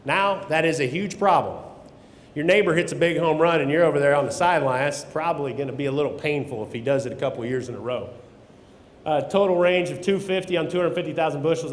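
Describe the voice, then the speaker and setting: A man's voice: fairly high pitch, slight background noise. A man giving a blunt, folksy conference talk, swearing now and then, recorded through a microphone in a conference hall. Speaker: keynote speaker on grain marketing. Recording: echoey hall, long reverb.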